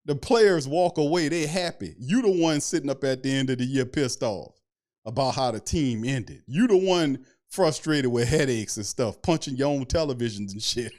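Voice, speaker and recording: A man's voice: a little high, a little mellow. A man hosting a late-night live sports stream, ranting bluntly in slang and laughing often. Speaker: sports podcast host.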